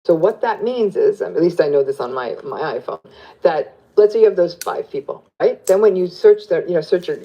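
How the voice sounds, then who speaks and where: A woman psychologist explains her ideas to an interviewer in a low, mellow voice. She is animated and plays out the lines people say to her. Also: brisk, highs cut off. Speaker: psychologist guest.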